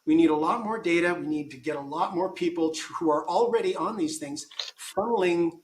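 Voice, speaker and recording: Male guest, slightly high voice, conversational, keeps restarting his thoughts, roomy echo around him. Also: brisk, a little hiss or hum. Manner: thinking aloud with frequent restarts. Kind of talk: casual conversation.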